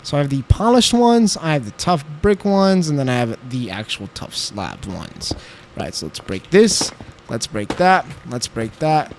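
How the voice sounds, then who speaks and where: A man's voice: mid-range voice, big pitch swings, measured pace, darkish tone, a little hiss or hum. A young man streaming a game, chatting casually and talking back to his chat while he builds. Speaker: livestreamer.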